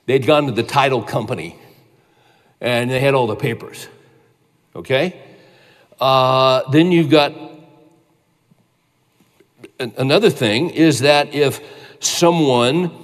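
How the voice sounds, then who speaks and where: A man's voice: mid-range voice, slow, long pauses. A man teaching a sermon, conversational and emphatic, telling a personal story and repeating key phrases. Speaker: pastor. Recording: reverberant hall.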